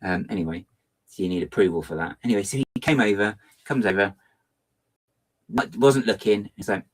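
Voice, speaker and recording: A man chatting playfully and self-mockingly while building on a livestream. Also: fairly quick. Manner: lively, theatrical swings into high pitch. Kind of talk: casual livestream chat.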